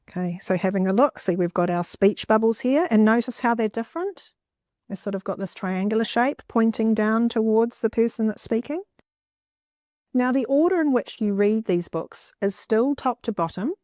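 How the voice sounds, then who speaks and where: A middle-aged woman teacher, giving a clear, expressive classroom lesson and stressing key words for young readers. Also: medium pitch, no echo, clean studio sound.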